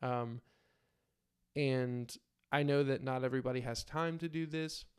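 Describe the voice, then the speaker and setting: A man narrating his own solo tabletop game and talking to viewers in a relaxed, filler-filled way. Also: medium pitch, measured pace, clear, resonant tone. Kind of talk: casual solo role-play narration.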